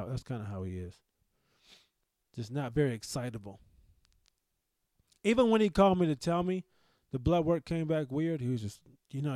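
A man's voice: fairly high pitch, sing-song, brisk, mellow, no room sound. A man hosting a podcast, telling a personal story in an anxious, self-deprecating, rambling way. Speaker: podcast host.

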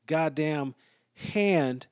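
A man telling a story in a casual rant, profane and exasperated, sometimes dropping to low muttered asides. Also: very slow, clean tone, no room sound, clean studio sound.

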